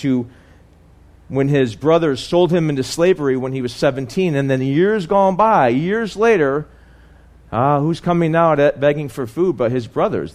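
A man preaching a conversational sermon. He often repeats words and asks "right?", and drops his voice low and soft on key points.

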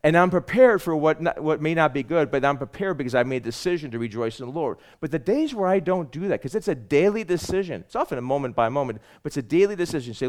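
A man preaching a Sunday sermon as pastor, swinging between loud emphasis and hushed asides. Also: a little high, expressive, fast, few pauses.

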